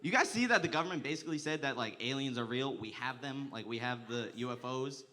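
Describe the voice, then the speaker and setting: Bright-voiced young man doing crude stand-up. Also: medium pitch, animated, fast. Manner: crude, profane storytelling, often laughing through lines. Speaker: stand-up comedian. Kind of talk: stand-up comedy set.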